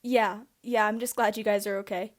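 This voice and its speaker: A loyal teenage boy murmuring gently, voiced by a woman reader. Quiet and reassuring. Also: mid-range voice, level tone, moderate pace, natural voice. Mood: gentle. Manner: murmuring softly.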